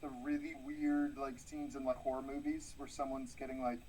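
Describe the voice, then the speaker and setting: A man's voice: mid-range voice, flat delivery, normal speed, darkish tone, slight background noise, poor audio. A man co-hosting a podcast, delivering crude jokes in a dry, rambling way. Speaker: podcast co-host. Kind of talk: crude comedic banter.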